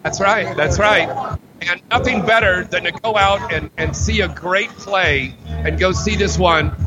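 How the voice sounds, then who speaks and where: A man hosting a live show from a club, loud with hyped announcer patter. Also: high voice, unhurried, lo-fi sound, over music. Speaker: host. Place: club venue.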